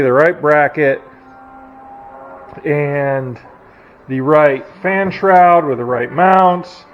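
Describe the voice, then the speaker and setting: A man chatting casually while he works on an old truck in his garage, joking about himself as he goes. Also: on the high side. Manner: chatty, self-deprecating, talks while working. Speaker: hobby mechanic restoring a truck. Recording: dull lo-fi audio with faint noise. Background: logging machinery next door.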